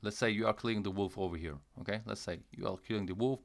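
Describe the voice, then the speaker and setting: Speaking quickly in a lowish voice with vocal fry, a young gaming channel host walks through a casual game tutorial. He repeats himself, keeps checking in with "okay" and "guys," and occasionally throws in playful sound effects made with his mouth.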